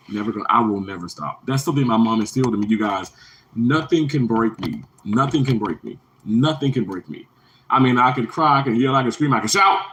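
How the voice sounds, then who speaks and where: A man in his thirties giving an earnest motivational livestream talk to his viewers, repeating himself and greeting chat in a higher voice. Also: fairly bright tone, rough recording. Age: 30s.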